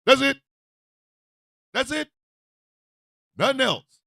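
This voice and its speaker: Male radio host, profane emphatic ranter, high animated voice, bone-dry close sound. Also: slow, no echo. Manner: loud, profane, emphatic, swings from shouting to low mutters. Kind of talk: animated political rant.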